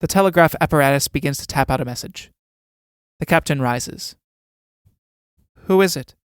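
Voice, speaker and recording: A man's voice: mid-range voice, brisk, clean tone, no room sound, studio quality. A man narrating the stage directions of a play as an audiobook, reading them plainly.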